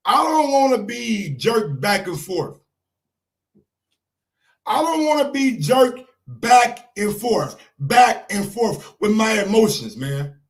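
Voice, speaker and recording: A man hosting a sports show, delivering heated commentary in a casual style, often shouting and repeating himself for emphasis. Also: extremely high pitch, creaky. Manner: heated, repetitive, frequently shouting.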